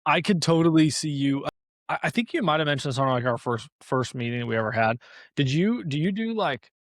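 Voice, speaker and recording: A man's voice: on the high side, lively intonation, a little fast, no echo, studio quality. Chatty man hosting a business podcast. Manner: casual, chatty, many fillers and restarts. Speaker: podcast host. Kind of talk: podcast interview conversation.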